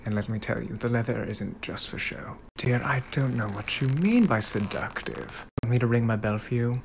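Guy doing a flirty posh british cat hero gentleman, low whispery and a bit gravelly, smooth and teasing. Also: normal speed, noisy background, lightly acted. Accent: put-on posh British. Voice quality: low, sultry, half-whispered.

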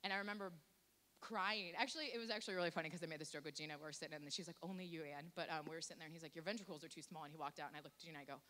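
Fast-talking low-voiced woman sharing testimony. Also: steady tone, pushed and bright. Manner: candid, self-deprecating and joking. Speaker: church volunteer giving a testimony. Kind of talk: personal testimony to a congregation. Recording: faint hiss.

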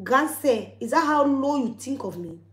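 A woman's voice: high-pitched, animated, normal speed, a bit bright, roomy sound. A woman with a West African Pidgin English accent, ranting at her viewers in a heated, scolding vlog. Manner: scolding, heated, with repeated warnings. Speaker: vlogger. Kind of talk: angry ranting monologue to viewers.

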